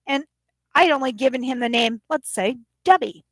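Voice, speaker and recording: Woman vlogger ranting about a phone call, kinda high voice, dry close sound, worked up and rambly. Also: moderate pace, no room sound. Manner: agitated, retelling a phone call with quoted lines. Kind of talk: casual vlog rant.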